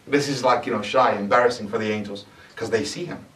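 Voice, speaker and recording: A man's voice: lowish voice, quick pace. A man giving a sermon at a mosque, talking with animation and putting questions to his listeners. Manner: animated, asks the audience questions. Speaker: mosque lecturer. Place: mosque hall. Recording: echoey hall, distant mic.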